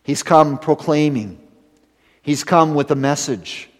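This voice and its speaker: A man preaching a sermon as pastor, building to emphatic rises and then dropping to hushed, serious lines. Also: on the high side, slow. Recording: long hall reverb.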